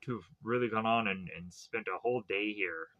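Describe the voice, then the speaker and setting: Speaking fairly quickly in a fairly low voice, a man reviews a TV series in a meandering, casual way, circling back through lots of fillers and restarts. It was captured on a tablet, and the audio sounds dull.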